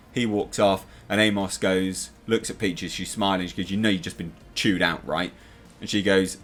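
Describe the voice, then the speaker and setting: Running his own TV review channel, this man from England chats in a relaxed, lively style, dropping the odd swear word and making sound effects. His voice is fairly low in pitch with a bit of brightness.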